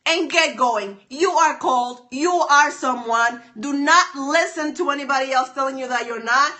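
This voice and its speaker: A woman live-streaming from her phone, giving an excited, emphatic motivational talk full of repeated lines. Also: sits high, moderate pace. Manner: emphatic, repetitive, preachy. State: excited and sweaty.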